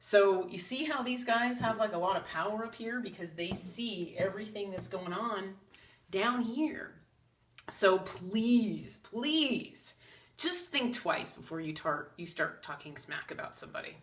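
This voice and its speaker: With lively intonation and a measured pace, a woman talks casually to camera about spiritual matters for her psychic channel, earnest and chatty, slipping into quoted asides. Her voice is mid-range, and the roomy echo suggests a distant mic.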